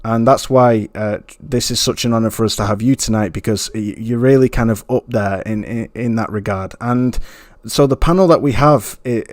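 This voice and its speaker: A man's voice: medium pitch, normal speed, hardly any pauses, a little mellow, dry recording. Casting: male podcast host, easygoing and chummy, dry close-mic sound. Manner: laid-back, friendly, calls people bro. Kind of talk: casual podcast chat.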